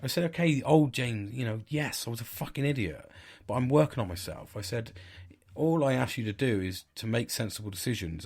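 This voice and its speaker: A man's voice: lowish voice, a little mellow, breathy edge. A middle-aged man, hosting a podcast and telling a personal story in a candid, rambling, sweary way. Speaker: podcast host. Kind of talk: casual storytelling monologue.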